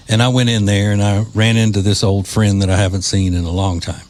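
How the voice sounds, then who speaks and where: A man's voice: on the low side, flat delivery, fairly quick, few pauses, darkish tone. Male talk radio host. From Louisiana. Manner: joking, wry, sarcastic asides. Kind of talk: casual talk radio monologue.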